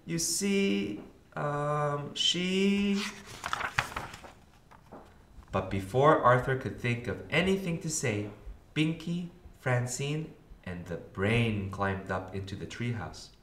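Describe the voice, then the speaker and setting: A man, a kindergarten teacher, reading a storybook aloud to children with expressive storytelling. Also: mid-range voice, a little slow, noisy background. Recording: roomy echo.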